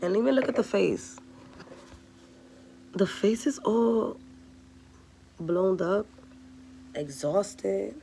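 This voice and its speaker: A woman's voice: mid-range voice, expressive, drawn-out words, creaky, long pauses, warm tone, slight background noise. A woman giving a casual tarot reading, chatty and direct, talking straight to her viewers. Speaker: tarot reader.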